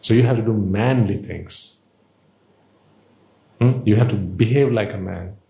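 A man's voice: fairly low pitch, unhurried, vocal fry, dark tone, roomy sound. A man giving an informal Buddhist dharma talk, conversational and playful, full of rhetorical questions. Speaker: Buddhist teacher.

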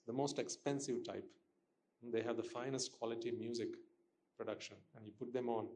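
A man's voice: medium pitch, darkish tone. A man giving a Buddhist dharma talk to listeners, questioning them and repeating his points for emphasis. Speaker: Buddhist teacher.

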